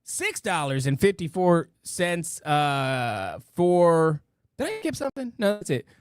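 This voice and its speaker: A man with a high-set voice hosts a casual live stream, playful and jokey as he reads out donations. He stumbles and restarts over the numbers. The sound is dry and close. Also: sing-song, takes it slowly, clean tone, no echo. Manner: playful, jokey, with repeated silly catchphrases; stammers and restarts while reading amounts. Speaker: podcast host reading out donations.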